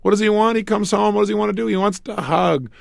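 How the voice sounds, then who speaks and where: A man giving a motivational seminar on relationships, talking in an animated way and acting out couples' arguments with joking asides. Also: sits high, fast, gravelly, dry recording, studio quality. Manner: animated, acts out quarrels between couples. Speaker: self-help speaker.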